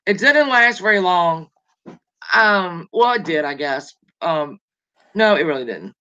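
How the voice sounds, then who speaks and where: A woman's voice: on the low side, expressive, measured pace, sharp tone. A woman hosting a casual gossip livestream, rambling and greeting viewers as she tells the story. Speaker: show host. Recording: lo-fi dull sound.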